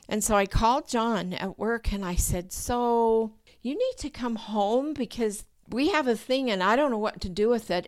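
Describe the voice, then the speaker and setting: An older woman telling a personal story in a lively way, acting out her own past thoughts with sudden high rises in pitch. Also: normal speed, few pauses, dry recording. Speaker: guest telling a true story.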